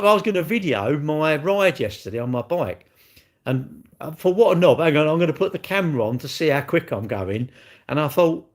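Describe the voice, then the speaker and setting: A man's voice: mid-range voice, expressive, brisk. A man hosting a casual livestream, talking to his viewers with blunt, cheeky banter and crude swearing. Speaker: livestream host reading viewer chat. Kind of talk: casual live-stream chat.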